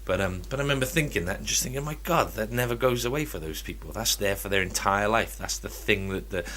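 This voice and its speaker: A man's voice: lowish voice, fast, sharp tone, slight background noise. A man co-hosting a casual chat podcast, talking in a wry, teasing, joking way. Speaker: podcast co-host.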